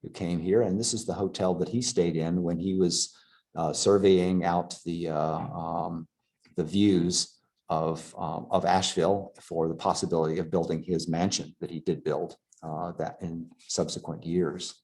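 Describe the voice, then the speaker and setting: A man giving a local history lecture over slides, pausing often with fillers and restarting his sentences. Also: deep voice, steady tone, a little mellow. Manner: halting, many fillers and restarts.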